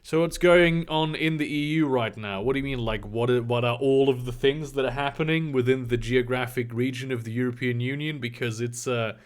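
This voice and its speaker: A man casually chatting on a livestream, reading out and answering viewer comments in a halting, rambling way with many fillers and some swearing. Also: medium pitch, clean tone. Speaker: live streamer answering chat.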